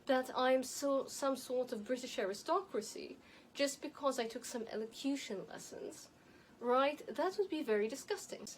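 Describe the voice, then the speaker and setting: Woman, light non-native accent, higher voice, measured and emphatic style advice, faint hiss. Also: poor audio. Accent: light non-native, elocution-trained. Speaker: image and style consultant. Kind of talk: advice monologue to camera.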